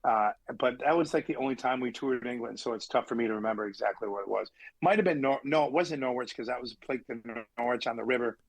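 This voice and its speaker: A middle-aged man, a musician guest on a podcast, tells road stories in a casual, animated and profane way. He acts out the people he quotes. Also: medium pitch, fast, gravelly, no echo, poor audio. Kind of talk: casual storytelling chat.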